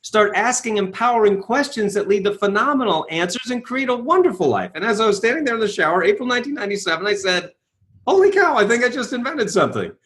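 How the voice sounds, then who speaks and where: A man being interviewed tells his story with bursts of energy, acting out the voices he quotes. His voice sits high and swings widely in pitch. He keeps checking in with his listener. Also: fast talker, hardly any pauses. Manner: energetic, acts out quoted voices, repeats "right?". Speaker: guest author and speaker.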